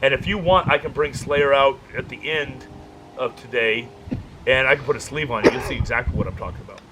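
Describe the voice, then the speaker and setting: A man leading a dog-training workshop, telling jokey stories in a casual, animated way. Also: medium pitch, fairly quick, a little hiss or hum, rough recording. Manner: animated, joking storyteller. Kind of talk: casual workshop talk with anecdotes.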